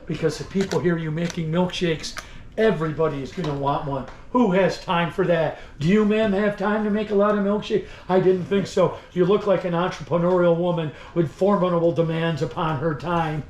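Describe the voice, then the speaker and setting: Echoes and faint background noise surround a costumed museum guide as he leads visitors through an indoor store museum. Playing a theatrical salesman of old, he teases them and addresses them directly, in a voice on the high side with a darkish tone at normal speed.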